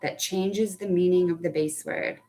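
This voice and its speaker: Young woman teacher, slow and patient, warm praise for each child, sounding words out for early readers. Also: on the low side, fairly even intonation. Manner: slow and deliberate when spelling out words. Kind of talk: live online phonics lesson.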